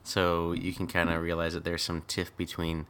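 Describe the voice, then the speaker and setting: A man with a deep voice talks through a film scene by scene in a relaxed chat. His tone has a bright, forward edge, and he breaks into laughter often as he pokes fun at the acting. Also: moderate pace. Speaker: podcast co-host. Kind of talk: casual movie recap chat.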